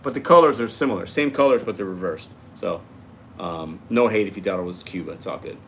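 A man's voice: sits low, a little fast, a bit bright, a little hiss or hum. A man hosting a casual livestream, reading out and answering viewer comments in an upbeat, chatty way. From Puerto Rico. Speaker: livestream host reading chat.

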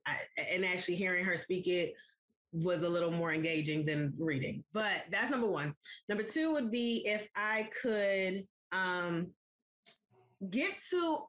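This podcast co-host from the United States has a lowish, slightly bright voice that is expressive and unhurried. She keeps things chatty and casual, addressing her audience directly.

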